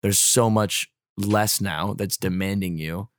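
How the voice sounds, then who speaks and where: A young man in his twenties, guesting on a podcast, chats casually and rambles, packing his talk with "like" and "um." His voice is deep and steady and his pace slow, recorded in a clean studio with no echo.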